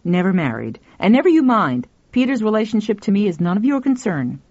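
A woman's voice: medium pitch, big pitch swings, brisk, darkish tone, no room sound, voice pushed up. A woman voicing a curt, querulous older spinster in a storybook reading. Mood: stern. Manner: curt and prim. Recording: dull lo-fi.

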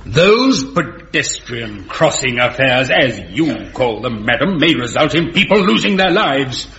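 An actor playing a stern older male judge who speaks in a measured, formal, dryly probing way. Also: mid-range voice, expressive, creaky, a bit bright. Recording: dull lo-fi vintage recording.

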